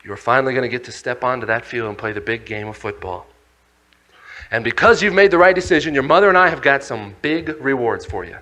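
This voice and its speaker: A man voicing a gentle, grave heavenly father who speaks softly and solemnly to his children. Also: a little high, lively intonation, poor audio. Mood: tender. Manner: soft, slow and solemn.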